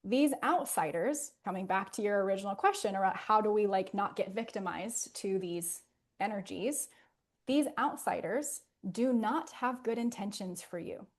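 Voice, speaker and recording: A woman therapist in a podcast interview, explaining in an earnest, gentle way and often softening to a soothing hush. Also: mid-range voice, moderate pace.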